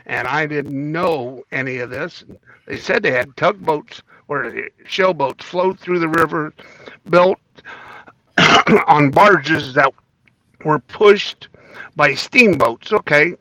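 A man's voice: fairly high pitch, slow, sharp tone, no room sound, poor audio. A man co-hosting a casual podcast chat, still in his morning voice, joking and stumbling as he reads trivia aloud. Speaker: podcast co-host.

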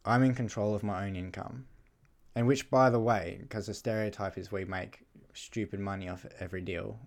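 A man's voice: fairly low pitch, steady tone, normal speed, vocal fry. A young man chatting as a podcast guest, laid-back and hesitant, swearing casually. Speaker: podcast guest, car salesman. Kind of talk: casual chat.

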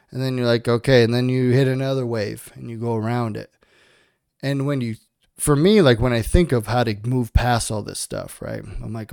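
A man's voice: medium pitch, level tone, moderate pace, gravelly, darkish tone, smooth, no echo, studio quality. A young man co-hosting a podcast, talking frankly and with plenty of swearing as he gives himself and his listeners a motivational push. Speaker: podcast co-host. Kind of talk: casual podcast talk.

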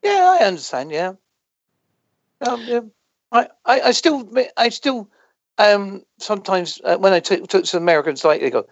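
Man, Essex and Devon English accent, rapid stumbling talk, gravelly, dull dry audio. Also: high voice, big pitch swings, dry recording. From England. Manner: fast-talking with stumbles and restarts. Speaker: guest.

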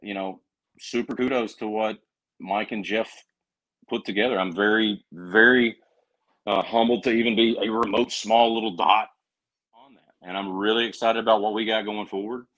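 A man's voice: lowish voice, steady tone, moderate pace, a bit bright, low-quality recording. A man with a Southern accent, a podcast guest talking in an earnest, rambling way with many restarts. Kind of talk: casual podcast chat.

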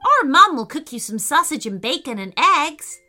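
Woman doing an eager, excitable little boy. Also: high voice, normal speed, soft background music, pitched above the performer's own voice, exaggerated voice.

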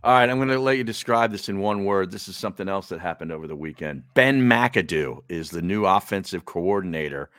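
A man's voice: low voice, animated, fairly quick, hardly any pauses, a bit bright, dry recording. A man co-hosting a sports talk show, reacting briefly and prompting with questions.

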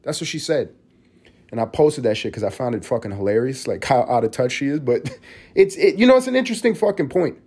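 A man's voice: medium pitch, animated, fast talker, darkish tone, husky. A man hosting a solo podcast, rambling and swearing freely as he riffs in a casual monologue. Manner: rambling, profane, riffing with restarts. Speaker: podcast host.

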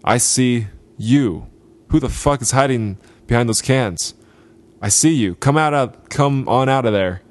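A man's voice: medium pitch, measured pace, darkish tone, lightly acted. A man voicing a drunk, brutal young male bar brawler with a coarse, swaggering manner. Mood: threatening.

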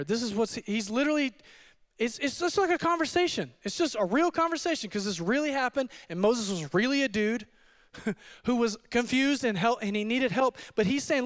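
A man preaching a sermon as pastor, telling his story in an animated, conversational way with frequent asides to the room. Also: extremely high pitch, brisk. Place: church hall.

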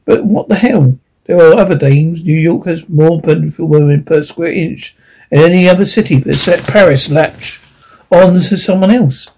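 A man voicing a small, wisecracking private detective in a brisk manner in an audiobook reading. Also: on the high side, a little mellow, low-quality recording. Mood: wry.

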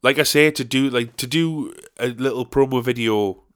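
A man's voice: mid-range voice, moderate pace, fairly bright tone, clear, resonant tone. A young man, tired, chatting on his solo podcast in a rambling, sweary, self-deprecating way. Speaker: podcast host. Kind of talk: casual solo podcast chat.

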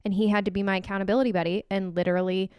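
Woman, smooth clear voice, podcast host, candid storytelling, dry close sound. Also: mid-range voice, flat delivery, racing, a little mellow, no room sound. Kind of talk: casual podcast conversation.

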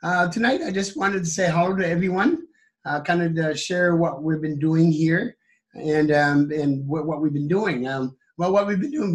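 An older man with a hoarse, fading voice speaking in a casual interview, halting and full of fillers and restarts. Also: fairly high pitch. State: losing his voice, coughing. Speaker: guest, elder and teacher.

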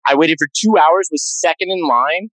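Man podcast co-host, excitable storyteller with a loose, profane manner and a dry close mic. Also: on the high side, moderate pace, dry recording, poor audio. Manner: animated storyteller, swears freely. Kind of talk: casual chat.

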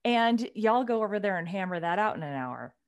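A middle-aged woman with a light Southern twang, co-hosting a casual podcast chat with quick laughs. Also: mid-range voice. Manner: animated, chatty, quick laughs. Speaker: podcast co-host.

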